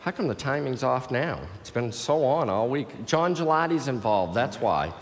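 A man's voice: mid-range voice, lively intonation. A man announcing backstage before a show, drawing out a big introduction. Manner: showman announcer, drawn-out introductions. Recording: long echo in a large hall.

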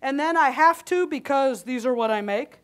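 This woman's voice sits high and is expressive and a bit bright, delivered at normal speed. Doing a live cooking demo on a conference kitchen stage, she chats and jokes with the audience while slightly winded.

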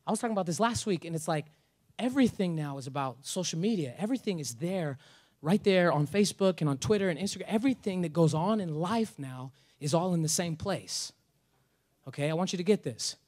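A male pastor preaching a sermon in a casual, energetic way, with humor and slang. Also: a little high, brisk.

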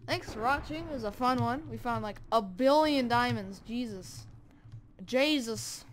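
A woman hosting a survival game let's play, excitable and quick to shout and laugh at her finds. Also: on the high side, slight background noise. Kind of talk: gameplay commentary.

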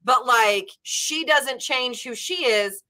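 A chatty woman talking through a book in a casual club discussion. Her voice is bright and forward, and her speech is loose and rambling, with "like" and "um" all through it. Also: a little high, slow pace. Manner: chatty, many "like" and "um" fillers. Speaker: former literature teacher.

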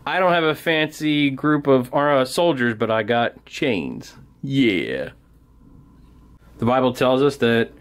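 A man teaching children a Bible story at a felt board, talking straight to the boys and girls and acting out the parts as he goes. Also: mid-range voice. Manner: animated storyteller, acts out soldiers and crowd.

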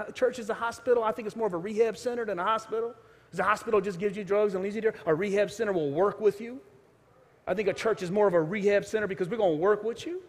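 Brief: high-pitched male pastor, storytelling sermon, swings from loud to hushed, long hall reverb. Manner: storytelling, acts out quoted voices, shifts from loud to hushed. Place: church sanctuary.

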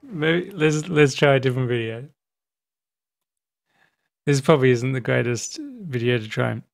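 A man chatting casually in a vlog from a small room at home, rambling in a relaxed way with fillers. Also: mid-range voice, a little slow, vocal fry, soft background music. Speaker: YouTuber.

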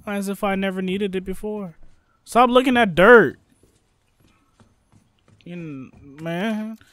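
Young man, let's play commentary, excitable, jokey, bright voice. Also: sits high, slow, no room sound. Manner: excitable, jokey, talks to viewers. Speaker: gaming YouTuber.

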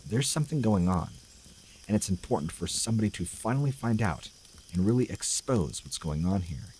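Deep-voiced man narrating horror stories. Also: big pitch swings, fairly quick, a little mellow, a little hiss or hum, rough recording. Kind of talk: scripted narration of scary stories.

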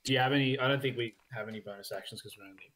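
Relaxed man running a tabletop game. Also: mid-range voice, very fast. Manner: relaxed, hesitant with many ums. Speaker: dungeon master. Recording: faint background noise with clicks.

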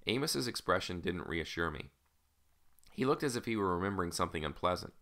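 A male audiobook narrator telling the story in a casual, wry first-person voice. His voice is very low with a gravelly texture. The tone stays bright and forward. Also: lively intonation, fairly quick.

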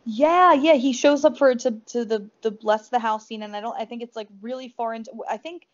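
A woman's voice: on the high side, brisk. A woman co-hosting a podcast, chatting about a horror film in a rambling, enthusiastic way, full of fillers and restarts. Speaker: podcast co-host. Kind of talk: casual movie review chat. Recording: dull lo-fi podcast audio.

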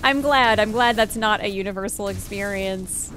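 A woman's voice: medium pitch, moderate pace, noisy background. A young woman streamer chatting casually while playing, rambling through stories with lots of fillers. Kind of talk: casual gameplay chat.

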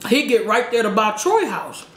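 A woman vlogger telling a slangy, animated story while eating, with shouted sound effects. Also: a little high, moderate pace. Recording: echoey room with faint background noise.

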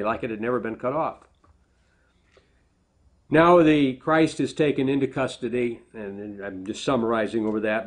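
A middle-aged man preaching a sermon at a medium pitch. He talks earnestly and often stops to correct himself mid-sentence. When he quotes a speaker, his voice rises. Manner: earnest, self-correcting, animated when quoting. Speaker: pastor.

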